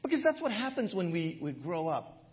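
Animated, lively-voiced male pastor. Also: high voice, normal speed, dull audio. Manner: animated, laughs through his stories. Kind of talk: sermon storytelling. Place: church.

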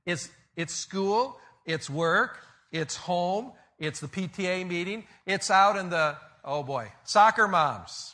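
A man with a high, very bright voice delivers a relaxed, conversational sermon. He retells stories in other people's words and drops joking asides to the congregation. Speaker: pastor.

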